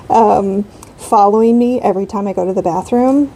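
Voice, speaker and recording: Thirties mom, casual rambling chat host, dark mellow tone, slight hiss behind. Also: female voice, mid-range voice, measured pace, rough recording. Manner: rambling, frequent ums and likes. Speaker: craft channel host. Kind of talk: casual chat while coloring.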